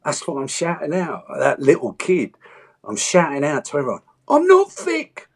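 A man's voice: mid-range voice, moderate pace, gravelly, slightly rough. A man, an actor chatting as an interview guest and acting out quotes as he tells stories. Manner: animated storyteller, acts out voices and quotes. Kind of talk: casual interview chat.

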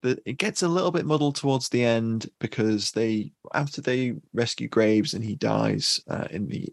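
A man co-hosting a film podcast, weighing up a film in a measured, thoughtful way. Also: mid-range voice, gravelly, dry recording, clean studio sound. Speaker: podcast co-host. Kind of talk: casual film review chat.

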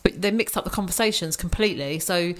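A woman's voice: lowish voice, fast. A woman co-hosting a casual film review podcast, asking puzzled questions about the plot. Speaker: podcast co-host.

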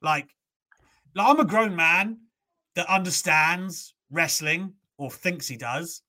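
A young man hosting a casual wrestling talk show, animated, ranting and swearing freely. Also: a little high, slow. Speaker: host.

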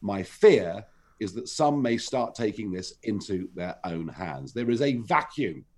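A political guest is interviewed on talk radio. He talks forcefully and pushes his points with emphatic peaks, and his pitch keeps swinging high and low. The studio sound is clean. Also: animated, a little slow.

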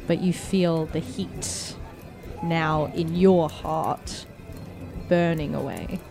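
A woman running a tabletop roleplaying game, relaxed and laughing often. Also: deep voice, very slow, gravelly, over music. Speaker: game master.

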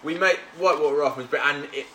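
A man's voice: a little high, very fast, bright, forceful tone, roomy sound, a little hiss or hum. A man hosting a podcast, chatting casually with his mates and telling self-deprecating stories. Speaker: podcast host.

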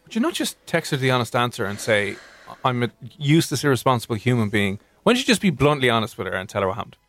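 Radio guy, talks fast, teasing, bouncy voice, dry studio with faint music. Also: mid-range voice. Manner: teasing, animated, puts on silly voices for quotes. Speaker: radio co-host. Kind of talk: casual radio banter.

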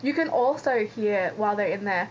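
A woman's voice: medium pitch, expressive, normal speed. A woman co-hosting a podcast, chatting and rambling in a self-mocking way. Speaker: podcast co-host. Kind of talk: casual chat recapping a reality show. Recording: dull lo-fi sound with faint noise.

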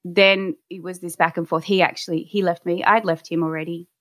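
Low-voiced woman telling her story. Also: fairly even intonation, brisk, fairly bright tone, no echo. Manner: candid, reflective, with frequent restarts. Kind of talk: personal storytelling.

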